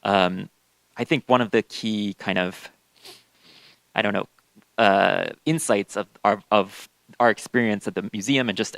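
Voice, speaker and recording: A man's voice: lowish voice, fairly bright tone, dry recording, poor audio. A man on a panel, a union organizer, speaking hesitantly with many restarts and frequent use of "like". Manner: hesitant, many fillers and restarts, uses like often. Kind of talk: panel discussion.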